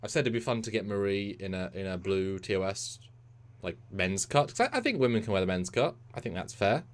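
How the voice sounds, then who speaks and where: A man's voice: on the low side, lively intonation, fairly quick. A man, co-hosting a casual livestream chat and telling stories at length. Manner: chatty storyteller, mimics voices. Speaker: co-host.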